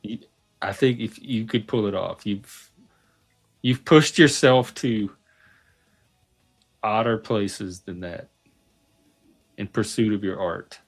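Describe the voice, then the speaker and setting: A man hosting a casual panel chat, teasing and wisecracking with quick asides. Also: lowish voice, husky, faint music behind. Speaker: host.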